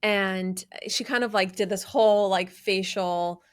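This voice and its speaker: A woman's voice: medium pitch, steady tone, unhurried, smooth. Conversational woman podcast host. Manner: conversational, frequent backchannel agreement. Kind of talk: casual interview chat.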